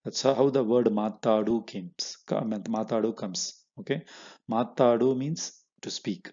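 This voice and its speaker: Rapid-fire low-voiced male language teacher. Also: a little mellow. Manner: explains step by step, repeating words and checking with "right?". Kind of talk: slide-based language lesson. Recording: dull lo-fi audio.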